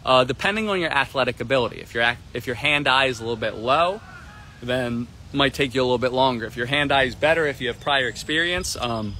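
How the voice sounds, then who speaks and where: A man teaching a tennis lesson on a live stream from an outdoor court, energetic and repetitive, often asking "right?". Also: mid-range voice, fast, slight background noise. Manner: energetic, repeats himself, keeps asking "right?". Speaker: tennis coach.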